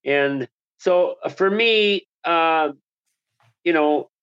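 A man's voice: a little high, extremely slow, fairly bright tone, clean tone, dull audio. A man who was a hockey color analyst, telling a long story as an interview guest, enthusiastic and rambling with restarts.

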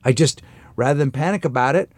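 A man's voice: mid-range voice, quick pace, a little mellow, dry recording. A man in casual chat, joking and swearing, often jumping in with comic bits. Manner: joking, profane, jumps in with bits.

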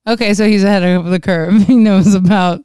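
A woman's voice: mid-range voice, steady tone, brisk, warm tone, clean tone, no room sound. A woman co-hosting a podcast in casual chat, bubbly and teasing, laughing often. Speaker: podcast co-host.

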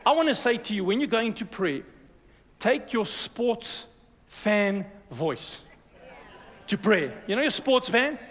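A man preaching a sermon as a pastor, energetic and exhorting, calling "amen" to the congregation. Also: high-pitched, measured pace. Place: church hall. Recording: reverberant church hall.

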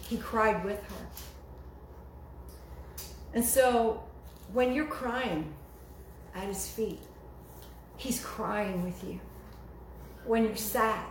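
Slow-preaching woman in an echoey room. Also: mid-range voice. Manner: emphatic, rising to cries when quoting prayers. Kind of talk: sermon. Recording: echoey room with faint noise.

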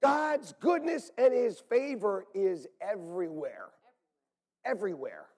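High husky guy preaching, gets loud then drops to a whisper. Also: unhurried, in a large hall. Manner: animated, swings from loud calls to hushed whispers. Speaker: pastor. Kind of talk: sermon.

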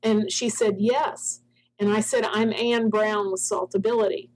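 A woman's voice: mid-range voice, fairly even intonation, a little slow, darkish tone, poor audio. A middle-aged woman, a founder of a spa products company, telling a long story in an interview and acting out the dialogue she quotes.

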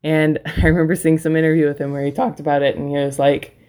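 A woman's voice: low-pitched, little pitch movement, dark tone. A young adult woman hosting a casual podcast chat, laughing often and acting out quotes. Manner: laughs often, quick asides, acts out quotes. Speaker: podcast host.

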